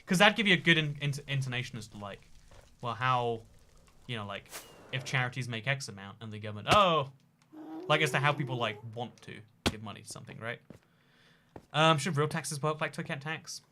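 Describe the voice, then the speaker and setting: A man's voice: mid-range voice, animated, a little fast, pushed and bright, slight background noise. A man hosting a casual livestream and reading out chat donations. He talks in a rambling, jokey way, full of fillers and restarts.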